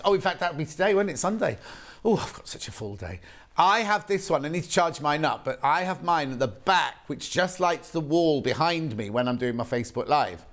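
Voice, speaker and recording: A man presenting on a shopping channel, chatting in a rambling, excitable way while demonstrating a product live. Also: on the high side. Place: TV studio.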